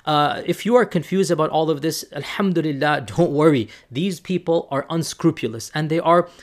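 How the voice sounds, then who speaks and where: This is an impassioned man preacher speaking straight to camera. He presses his points hard and doubles words for emphasis. His voice sits somewhat high for a man. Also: normal speed. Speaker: Islamic preacher and teacher. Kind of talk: direct-to-camera rebuttal talk.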